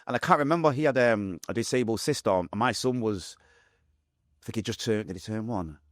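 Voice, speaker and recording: A Mancunian man in his forties, guesting on a podcast, candidly tells his life story, quickly and animatedly, acting out the voices he quotes. His voice is on the low side, and the sound is clean studio audio with no echo.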